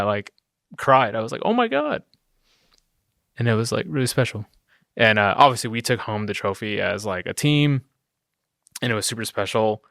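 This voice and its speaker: A man in his twenties, a videographer, telling stories in a casual interview, chatty and self-deprecating, breaking into high laughs. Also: vocal fry, fairly bright tone, no room sound, studio quality. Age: 20s. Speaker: guest videographer.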